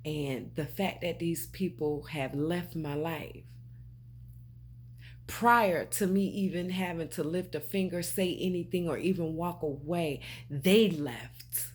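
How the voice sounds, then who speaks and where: Emphatic husky-voiced woman vlogger. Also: deep voice, slow, a little mellow. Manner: emphatic, repetitive, preachy, calls viewers babe and honey. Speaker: spiritual vlogger. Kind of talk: direct-to-camera talk.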